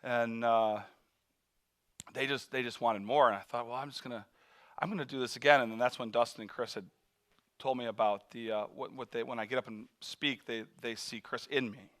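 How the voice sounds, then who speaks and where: A man telling a mission story in a sermon, animated, acting out voices and laughing often. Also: mid-range voice, normal speed.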